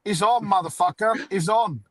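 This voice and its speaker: A man's voice: high voice, normal speed, slightly rough, no echo. A man co-hosting a live podcast stream, teasing others in mock outrage. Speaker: podcast co-host. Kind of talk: casual live-stream banter.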